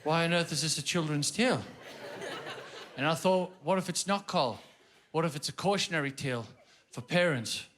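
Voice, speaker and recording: A man in his thirties with a Geordie accent, performing a stand-up comedy set in a theatre, storytelling with swearing and shouted punchlines. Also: fairly high pitch, moderate pace, long pauses, background noise. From North East England. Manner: swearing, storytelling, sing-song nursery rhyme bits, rising to shouted punchlines. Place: large theatre stage before a live audience. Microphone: stage microphone.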